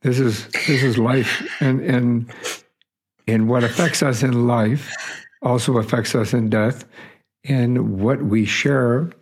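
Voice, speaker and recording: A man interviewing a guest, replying in a gentle, reassuring way. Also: medium pitch, steady tone, slow pace, slightly rough.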